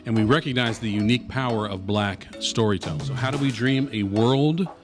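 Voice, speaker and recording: A man co-hosting a talk show in an upbeat, playful way, steering the talk from one segment to the next. His pitch is ordinary for a man. Music runs clearly beneath his voice. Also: a little fast. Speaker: co-host. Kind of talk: casual chat.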